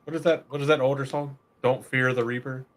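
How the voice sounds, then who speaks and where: A man's voice: medium pitch, level tone, a little fast, a little hiss or hum. A man co-hosting a podcast, chiming in with short remarks and questions. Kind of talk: casual podcast chat.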